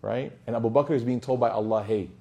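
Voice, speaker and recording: A man's voice: medium pitch, steady tone, fast talker, creaky, mellow. A man teaching a religious study circle in a casual, joking way. He tells anecdotes and acts out the dialogue. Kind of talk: informal religious lesson.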